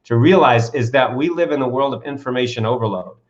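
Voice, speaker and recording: A man's voice: mid-range voice, fairly quick. Enthusiastic man on a lo-fi call. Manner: enthusiastic, builds to excited peaks, asks rhetorical questions. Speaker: author and coach, interview guest. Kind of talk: animated interview storytelling.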